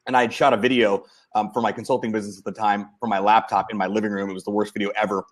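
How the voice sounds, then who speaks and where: A man hosting a casual talk show, relaxed and chatty as he tells his own story. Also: on the low side, rapid-fire. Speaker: host. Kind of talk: casual chat.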